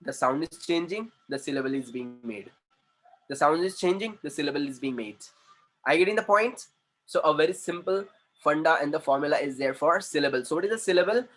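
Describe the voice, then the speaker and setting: A man's voice: a little high, animated, fairly bright tone. A man teaching a grammar lesson in a classroom, repeating words and stretching out syllables, switching into Hindi. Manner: repetitive, drawn-out spelling of syllables, mixes in Hindi. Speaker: communication trainer.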